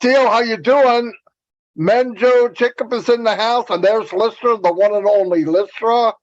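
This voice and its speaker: A man hosting a livestream, relaxed and easygoing, who opens the show and reads viewer shout-outs over a video call. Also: high-pitched, measured pace, highs cut off. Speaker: host.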